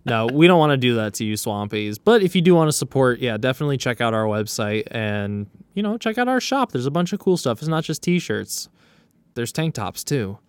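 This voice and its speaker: A man's voice: medium pitch, animated, brisk, clean tone, dry recording. A man co-hosting a podcast, bantering in a crude, joking, profane way. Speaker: podcast co-host. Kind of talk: casual chat.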